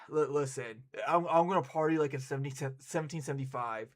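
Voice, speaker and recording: A man streaming and chatting casually with his viewers, excitable and quick to laugh and swear. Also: mid-range voice. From United States.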